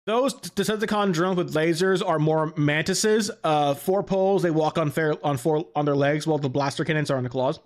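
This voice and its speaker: Man in his late twenties, let's play commentary, chatty and rambling, slightly higher voice. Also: normal speed, hardly any pauses. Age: late 20s. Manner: rambling and chatty, self-correcting. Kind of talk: casual gameplay commentary.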